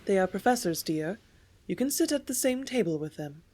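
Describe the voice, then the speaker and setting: A woman reading an audiobook, voicing a proper, fussy mother who corrects her daughter and hushes her. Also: medium pitch, animated, a little fast, close to an everyday voice. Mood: instructing. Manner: hushing, correcting.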